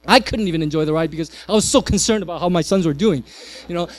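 Pastor guy preaching, kinda high voice, gets loud then drops real quiet, storytelling sermon. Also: quick pace. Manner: animated storyteller, swings from loud to hushed.

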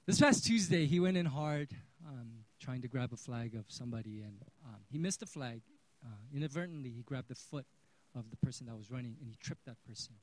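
A man in his thirties giving a sermon, telling a personal story and swinging between hushed and loud. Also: mid-range voice, animated, brisk, no echo, poor audio. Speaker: pastor.

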